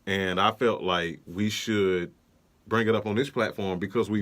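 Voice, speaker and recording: A man's voice: lowish voice, steady tone, moderate pace, fairly bright tone. A young man co-hosting a podcast in casual chat, laid-back with many fillers and restarts. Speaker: podcast co-host.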